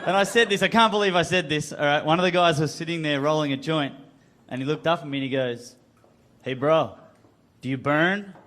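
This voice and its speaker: A man's voice: a little high, fast, fairly bright tone. An Australian man telling a self-mocking story in a stand-up set. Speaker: stand-up comedian. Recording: live club with crowd and noise.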